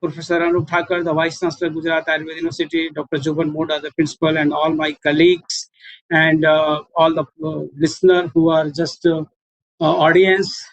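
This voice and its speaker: A middle-aged man with an Indian English accent gives a formal webinar presentation as a professor. He often pauses with 'uh' and repeats points for emphasis. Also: on the high side, completely flat delivery, dry recording. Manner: halting, with frequent 'uh' pauses and emphatic repetition. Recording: dull lo-fi webinar audio.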